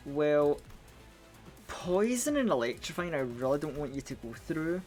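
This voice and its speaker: On a casual live gaming stream, a man with a fairly high, darkish voice rambles along, foggy from a cold and often starting over. He speaks unhurriedly with wide pitch swings, and faint music plays behind him.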